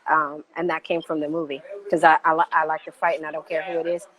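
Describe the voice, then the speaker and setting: Woman guest, low-pitched, passionate and emphatic, rising in force on key points. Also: quick pace, a crowd in the background, rough recording. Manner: emphatic and animated, gets louder when making a point. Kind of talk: passionate conversational interview.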